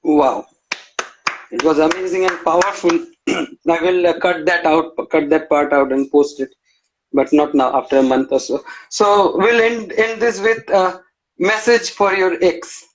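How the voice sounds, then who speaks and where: A man with a fairly high voice hosts a live-stream interview, chatting casually and informally. He strings his thoughts together with fillers and restarts. The sound comes over a live video call. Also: flat delivery, measured pace, low-quality recording. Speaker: interview host.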